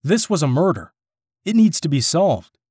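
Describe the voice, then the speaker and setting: A man's voice: fairly high pitch, very animated, normal speed, darkish tone, breathy edge, dry recording, studio quality, voice pushed up, exaggerated voice. A man voicing a shaken but stubborn investigator who speaks insistently and tensely.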